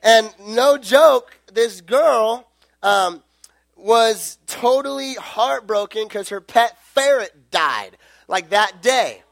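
A man's voice: very high-pitched, animated, takes it slowly, vocal fry, a bit bright, no echo. A young man preaching in a casual, rambling storytelling way, full of fillers and self-corrections.

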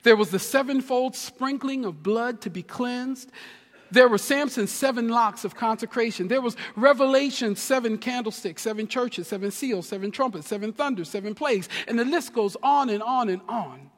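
A man from New Jersey preaches in a very high register, his voice ringing through the long reverb of a large hall. He swings from near-shouts to hushed tones and drops in humorous asides. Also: moderate pace. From New Jersey, USA. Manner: animated preaching with big swings between loud and hushed. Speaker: pastor. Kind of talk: sermon.

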